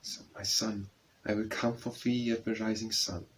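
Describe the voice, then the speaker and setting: A man voicing the gentle ghost of a dead mother, speaking softly and tenderly in a storybook poem. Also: fairly low pitch, flat delivery, normal speed, natural voice, low-quality recording. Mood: hushed. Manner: soft, hushed and tender.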